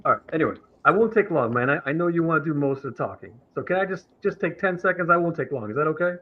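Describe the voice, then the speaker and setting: Brief: man, aggrieved caller, animated pitch, husky tone, lo-fi stream. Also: quick pace. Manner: aggrieved, lecturing, imitates others in higher voice. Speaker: caller on a streamed talk show. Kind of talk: heated debate on a live stream. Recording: dull lo-fi stream audio.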